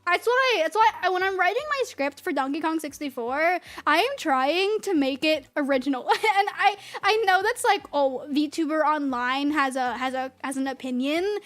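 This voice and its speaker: A woman's voice: high-pitched, animated, moderate pace, few pauses, a bit bright, faint music behind. An American woman in her thirties, a VTuber rambling and ranting in a casual stream, giggling often. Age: 30s.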